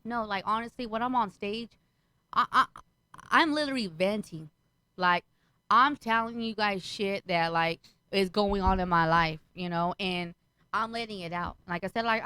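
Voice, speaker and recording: A woman's voice: medium pitch, moderate pace, smooth, no echo, rough recording. A woman comedian on a casual talk show, swearing freely and acting out the voices of people in her stories. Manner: profane, animated storyteller who acts out voices. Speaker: stand-up comedian guest. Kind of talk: casual chat.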